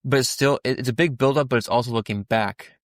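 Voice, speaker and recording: A man's voice: medium pitch, quick pace, dry recording, studio quality. A young man co-hosting a podcast, talking through a Bible passage in a casual, rambling way with many restarts and fillers. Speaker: podcast co-host.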